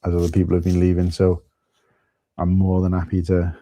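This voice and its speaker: Streaming casually from home, a Welsh-accented man chats in a loose way and calls out viewers by name. He speaks fairly fast in a low, warm, monotone voice, and there's no room sound.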